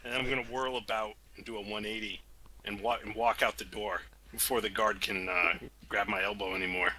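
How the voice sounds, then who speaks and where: A man's voice: on the low side, fairly even intonation, fairly quick, bright, forceful tone, a little hiss or hum, rough recording. A man playing a tabletop game, decisively stating his character's actions. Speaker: player.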